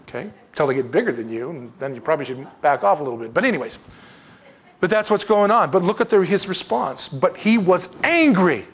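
A man's voice: a little high, husky. A man preaching a sermon in a conversational, folksy way, with casual asides and rhetorical questions. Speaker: pastor.

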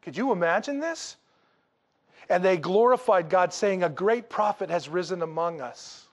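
A man preaching a sermon, telling the story in a humorous, animated way and acting out the dialogue casually. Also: high voice, moderate pace. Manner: acts out dialogue in a casual, jokey way. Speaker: pastor.

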